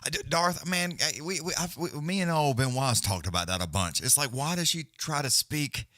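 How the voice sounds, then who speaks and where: Male streamer, casual and profane, very lively delivery, dry close sound. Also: a little high, moderate pace, no room sound. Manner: rambling, profane, animated. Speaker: livestream host. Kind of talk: casual live-stream chat.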